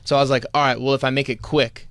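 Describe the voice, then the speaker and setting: A man, a guest on a podcast, telling fight stories casually, fast and full of likes and restarts. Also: medium pitch, level tone, a bit bright, clean tone, dry recording. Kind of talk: casual storytelling.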